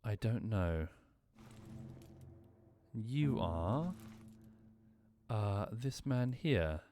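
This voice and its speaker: A man's voice: on the low side, expressive, very slow, warm tone, slight background noise. A man streaming a game, thinking aloud as he plays, apologizing and correcting himself along the way. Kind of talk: casual gameplay commentary.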